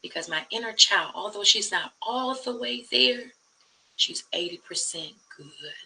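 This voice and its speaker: Woman vlogger, personal testimony, earnest and emphatic, gravelly, husky, very bright tone. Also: medium pitch, expressive, a little slow, low-quality recording. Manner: earnest and emphatic, often dropping to a soft hush. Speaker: channel host.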